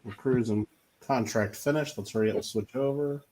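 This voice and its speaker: A man's voice: medium pitch, moderate pace, dark tone. A playful man chatting casually while playing a farming game, often laughing. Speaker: co-streamer. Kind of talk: casual gameplay chat.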